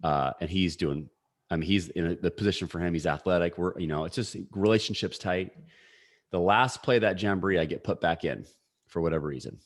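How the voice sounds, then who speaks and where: A man in his forties telling a personal story as a podcast guest, energetic and full of fillers. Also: sits low, brisk. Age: 40s. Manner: energetic, story-driven talk with frequent fillers. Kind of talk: casual storytelling.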